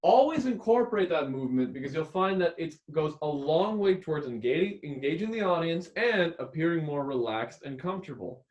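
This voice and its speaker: A man lecturing as a public speaking instructor who keeps shifting his volume and tone to sound expressive. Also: a little high, fairly quick, few pauses, highs cut off. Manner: expressive, constantly varying volume and tone. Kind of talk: recorded lecture. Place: rented room used as a classroom. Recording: echoey room.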